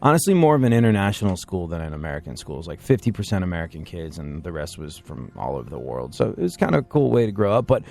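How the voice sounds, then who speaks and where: A man's voice: sits low, big pitch swings, quick pace, gravelly, few pauses, a little mellow. A man hosting a podcast in casual chat, talking in a wry, rambling, self-deprecating way. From England. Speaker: podcast host.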